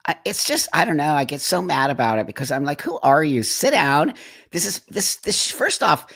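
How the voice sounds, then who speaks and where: A man's voice: a little high, very animated, creaky, fairly bright tone, breathy edge, no room sound, studio quality. A man hosting a live stream, talking emphatically and indignantly and backing up his guest. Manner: emphatic, indignant, quick to agree. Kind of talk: casual live stream chat.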